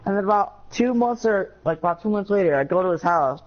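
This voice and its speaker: A man's voice: steady tone, fairly quick, hardly any pauses. A young man telling a childhood story in a casual chat among friends. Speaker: podcast co-host. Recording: dull low-fi home recording.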